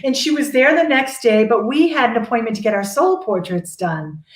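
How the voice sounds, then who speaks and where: Animated woman storyteller, higher voice, echoey room. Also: moderate pace. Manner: animated, laughing, acts out quotes. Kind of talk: casual storytelling chat. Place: Sedona, Arizona.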